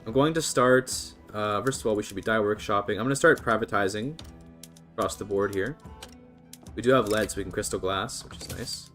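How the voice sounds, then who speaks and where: A man's voice: lowish voice, fairly quick, a bit bright. Man, Canadian accent, casual game-stream commentary, chatty, laid-back, faint music behind. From Canada (British Columbia). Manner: chatty, laid-back, reads and answers chat.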